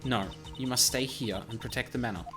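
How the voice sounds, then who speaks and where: A man voicing a stern older noblewoman from a game, with measured, commanding delivery. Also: mid-range voice, music in the background, natural voice.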